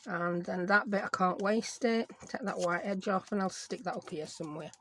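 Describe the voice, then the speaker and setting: A woman's voice: mid-range voice, normal speed, fairly bright tone, a little hiss or hum. A middle-aged woman with a Yorkshire accent, chatting and rambling casually as she crafts on her own channel, self-mocking and talkative. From Yorkshire, England.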